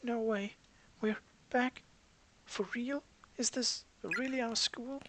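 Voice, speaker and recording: Reader doing a scared teen schoolgirl, raised pitch, pleading, soft, game dialogue read aloud, steady hiss. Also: slow. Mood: disbelieving, relieved. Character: frightened teenage schoolgirl, weary and homesick. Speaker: teenage schoolgirl character.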